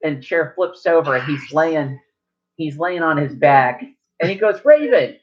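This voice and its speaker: A man's voice: a little high, normal speed. A man narrating as game master at a tabletop game, rambling and correcting himself as he goes, in a lo-fi recording.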